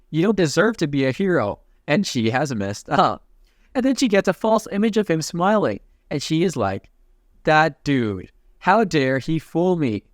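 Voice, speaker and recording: A man's voice: fairly high pitch, no echo, clean studio sound. A young man narrating a comic recap in a casual way, reading the dialogue lines in his own plain voice and adding joking asides.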